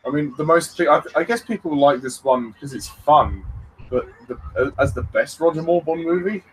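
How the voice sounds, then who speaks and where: A man's voice: a little high, animated, normal speed, a little hiss or hum, rough recording. An easygoing man commentating on a film. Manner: easygoing, agreeable, laughs often. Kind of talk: casual fan commentary.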